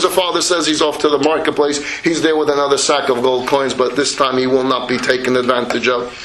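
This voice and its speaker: A rabbi telling a parable to a class, lively and animated as he slips into his characters. His voice is high and bright. It carries through a roomy hall with faint noise underneath. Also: normal speed. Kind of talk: lecture storytelling.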